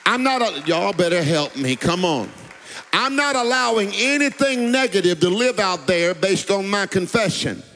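High-voiced preacher man, sing-song cadence. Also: lively intonation, normal speed, sharp tone, big-room sound. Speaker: pastor. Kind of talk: sermon.

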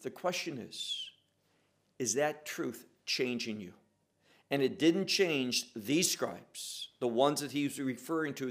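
A man preaching a sermon on a Bible passage, slow and emphatic, repeating words for weight. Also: a little high.

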